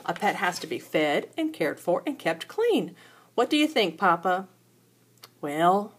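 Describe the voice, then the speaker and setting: A woman's voice: lowish voice, big pitch swings, a little slow, husky. An older woman, a grandmother, reading a storybook aloud at home to a child, with playful asides to the listener.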